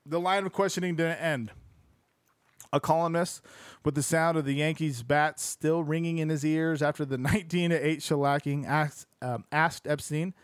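A man reading a sports book aloud, breaking off into excitable, profane, slangy asides. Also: fairly high pitch, normal speed, clean tone, no echo.

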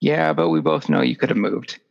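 A man voicing a teasing young woman, gravelly. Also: fairly high pitch, fairly quick. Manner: sarcastic, teasing. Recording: echoey, dull lo-fi recording.

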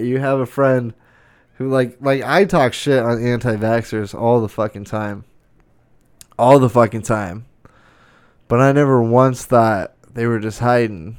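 A man's voice: mid-range voice, takes it slowly, clean tone, dry recording. A man hosting a podcast, ranting in a casual monologue, swearing a lot and sounding incredulous. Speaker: podcast host.

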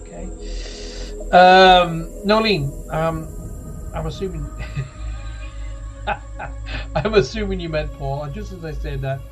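A middle-aged British man hosts a live radio talk show in a slightly high voice. He chats loosely and warmly to his listeners, filling his pauses with ums and poking fun at himself. Soft music plays faintly behind him. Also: rough recording. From United Kingdom. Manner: chatty, self-deprecating, rambling with many fillers.

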